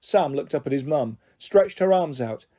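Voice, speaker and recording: A man reads a children's book aloud, his voice warm and mellow. His pitch sits fairly high and moves a lot, and he jumps up higher still when he voices the characters. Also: animated, moderate pace. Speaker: storyteller.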